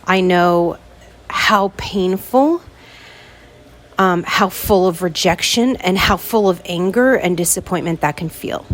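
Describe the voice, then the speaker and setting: A woman hosting a podcast, chatting casually and speaking straight to her listeners. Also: medium pitch. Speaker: podcast host.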